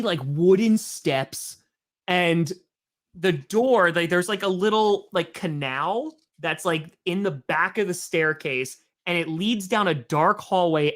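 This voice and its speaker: A man hosting a live stream, calling plays and telling a rambling story in a chatty, casual way. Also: on the high side. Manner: animated, chatty storyteller with many "like"s. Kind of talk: casual live game commentary mixed with storytelling.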